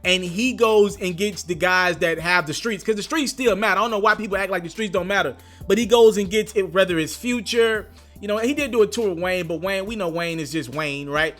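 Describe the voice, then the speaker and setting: A man giving casual hip-hop commentary on his own channel, speaking in an animated, slangy, emphatic way. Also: sits high, a little fast, soft background music.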